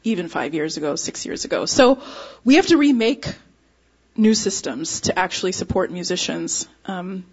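A woman's voice: fairly low pitch, expressive, normal speed, slightly rough, muffled recording. A woman musician interviewed on the radio, speaking earnestly and animatedly and laughing often. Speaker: musician, guest.

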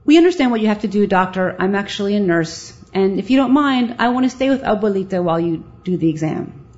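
A woman voicing a calm young male nurse. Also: mid-range voice, fast, lo-fi sound, close to an everyday voice. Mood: polite.

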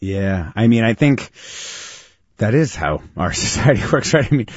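A man hosting a live radio interview, chatty and lively, with many fillers. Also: lowish voice, normal speed, dry recording. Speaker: radio show host. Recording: dry, slightly muffled radio studio audio.

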